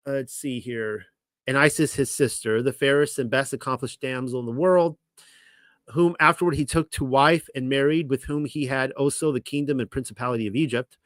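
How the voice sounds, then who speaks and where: A man leads a relaxed Bible study, talking in a loose, rambling way full of restarts and fillers. His voice sits in a middle range and the recording is close and dry, with no room sound. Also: medium pitch, no room sound. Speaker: ministry teacher. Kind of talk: casual Bible teaching.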